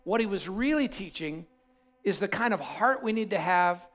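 Male pastor, high pitch, emphatic sermon storytelling. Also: normal speed. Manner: animated storytelling, repeats himself for emphasis.

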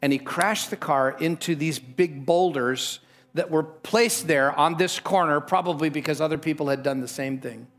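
A man's voice: a little high, normal speed, a bit bright. Emphatic middle-aged male pastor preaching. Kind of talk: sermon.

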